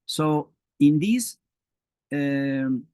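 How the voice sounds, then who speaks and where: A man from Mexico whose first language is Spanish, giving an academic lecture on biochemistry in a halting way with many fillers and restarts. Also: on the high side, animated, dark tone, no echo.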